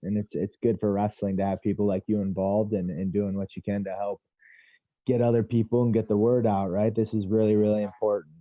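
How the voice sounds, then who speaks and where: A man's voice: lowish voice, level tone, fairly quick, no room sound. A man, a wrestling coach and podcast guest, chatting in a laid-back, encouraging way and often repeating his words. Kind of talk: casual chat. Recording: dry tinny phone line.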